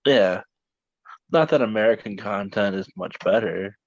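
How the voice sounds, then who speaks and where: A man co-hosting a podcast in casual chat, halting with ums and a dry, hesitant manner. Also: on the low side, dry recording. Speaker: podcast co-host. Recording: slightly dull, dry recording.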